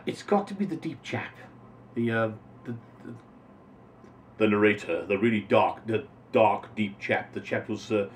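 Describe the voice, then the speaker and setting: A man's voice: lowish voice, measured pace. A male voice actor answering interview questions casually, lingering expressively over single words. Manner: expressive, savoring individual words. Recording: voice a bit distant from mic, faint noise.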